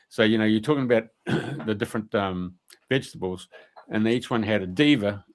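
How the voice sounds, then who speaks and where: A man's voice: lowish voice, normal speed. Rambling man telling a story. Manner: colloquial and rambling, many fillers, mild swearing. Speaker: guest. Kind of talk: storytelling in a radio interview.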